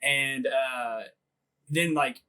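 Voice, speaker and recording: A man's voice: medium pitch, fairly even intonation, extremely slow, sharp tone, clean tone, poor audio. A man casually telling a long story on a podcast, laughing often, swearing freely and filling his speech with "like.". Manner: laughing, profane, rambling with lots of "like". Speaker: podcast host.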